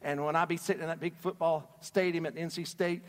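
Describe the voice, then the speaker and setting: Animated preacher guy, big reverb hall, asks the crowd stuff. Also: on the high side, brisk. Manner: animated, emphatic, asks the audience questions. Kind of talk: sermon.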